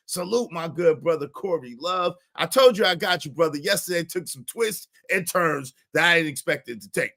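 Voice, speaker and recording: A man hosting a live stream, giving emphatic, repetitive commentary and shouting out supporters. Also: a little high, brisk, hardly any pauses.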